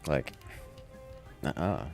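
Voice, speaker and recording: A Southern US man with a generic Southern accent chats casually while playing a game on a livestream, rambling and dropping wry, self-deprecating asides. He speaks very slowly in a darkish voice, with faint music behind him.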